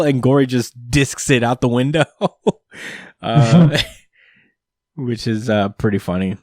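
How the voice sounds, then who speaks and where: Man, podcast host, casual rambling recap, lots of filler words, mid-pitched, dry close mic. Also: slow, pauses often, a little mellow, dry recording. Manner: rambling, full of ums and uhs, laughs often. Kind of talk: casual manga recap chat.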